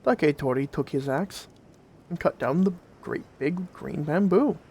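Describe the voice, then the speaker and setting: A man narrating old folk tales in a gentle, old-fashioned fireside storytelling manner. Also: on the high side, unhurried, husky.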